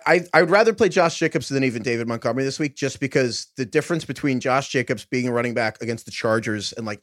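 A man co-hosting a podcast in excitable casual chat, often stammering as he restarts his sentences. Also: medium pitch, no echo, studio quality. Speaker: podcast co-host.

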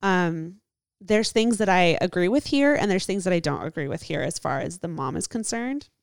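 A woman's voice: on the low side, lively intonation, moderate pace, vocal fry, smooth, no room sound, studio quality. Young woman co-host reading a letter. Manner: reads aloud with asides and laughs. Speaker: podcast co-host. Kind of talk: casual podcast chat, reading a listener letter.

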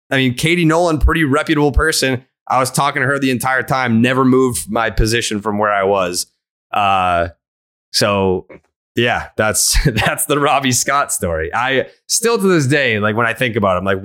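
A man's voice: mid-range voice, fairly bright tone. Profane, rambling podcast host, man. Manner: rambling, profane, many "like" fillers, quotes himself. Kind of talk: casual storytelling on a podcast.

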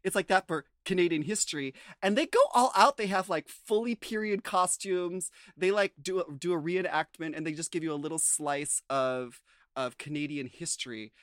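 A man's voice: fairly high pitch, moderate pace, fairly bright tone, dry recording. A man from the United States chats loosely through a show recap on a podcast. He rambles, restarts and fills his sentences with "like" and "um". The recording is dry and close. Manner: chatty, rambling, full of fillers and restarts. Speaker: podcast co-host. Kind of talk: casual chat recapping a TV show.

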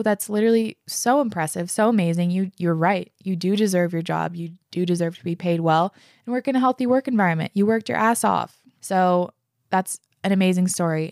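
Young female podcast host with a gravelly voice, effusive and sweary, reading fan emails in a dry room. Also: mid-range voice, a little mellow, no room sound. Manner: effusive, swears freely, gushes with praise. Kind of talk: casual chat, reading listener stories aloud.

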